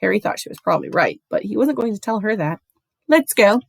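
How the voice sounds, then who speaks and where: A woman giving an expressive, animated storybook reading. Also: medium pitch, fast talker, gravelly, slightly rough, dry recording. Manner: animated, lively. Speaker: audiobook reader.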